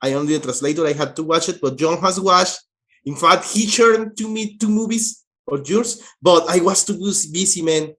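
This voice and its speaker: A man with a Venezuelan accent interpreting and co-hosting an interview, quick and laughing. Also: on the high side, fairly bright tone. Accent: Venezuelan Spanish. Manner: switches between English and Spanish, quick, laughs. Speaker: interpreter and co-host. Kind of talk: casual interview chat.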